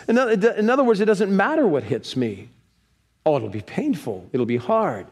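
A man preaching a sermon in a church, lively, leading the congregation in reading scripture aloud. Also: high-pitched, moderate pace. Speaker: pastor. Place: church sanctuary. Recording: long reverb of a church hall.

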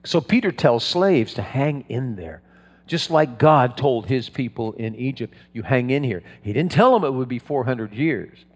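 A man's voice: mid-range voice, expressive, normal speed. A man preaching a sermon, telling stories in a conversational way with frequent restarts. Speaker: pastor. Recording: long hall reverb.

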